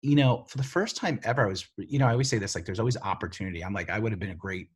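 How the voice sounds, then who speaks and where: Guy with a low husky voice, rambling and animated, tons of "like" and "you know", tv writer telling stories. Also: racing. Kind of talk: casual storytelling interview.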